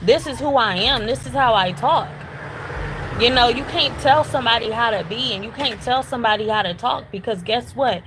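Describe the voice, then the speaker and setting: A woman's voice: fairly high pitch, normal speed, background noise. A woman in her thirties, a homeless mother, speaking insistently and repetitively about being rejected, close to tears. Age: 30s. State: near tears. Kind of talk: emotional personal testimony.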